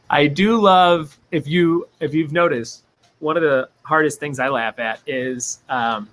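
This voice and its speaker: A man's voice: a little high, slow pace, a bit bright, slight background noise. A man hosting a casual livestream trivia game, joking, laughing often and reading viewer chat aloud.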